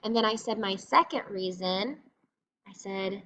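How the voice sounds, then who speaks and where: In this recorded classroom reading lesson, a female teacher explains things patiently and encouragingly, one step at a time. Her medium-pitched voice is a bit bright and unhurried. Faint noise sits under a slightly dull, lo-fi recording.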